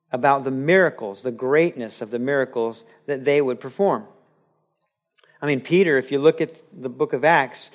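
A man preaching a sermon as a pastor, animated, acting out quoted voices and telling a joke. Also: on the high side.

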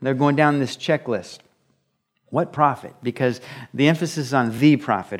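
A man's voice: mid-range voice, normal speed. A man preaching a conversational sermon, explaining scripture with rhetorical questions and acted-out quotes. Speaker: pastor. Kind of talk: expository sermon.

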